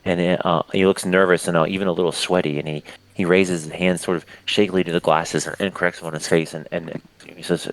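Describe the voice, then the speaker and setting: Deep-voiced man running a tabletop game. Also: little pitch movement, fast talker, no echo, poor audio. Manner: loose, rambling narration with restarts. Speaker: game master.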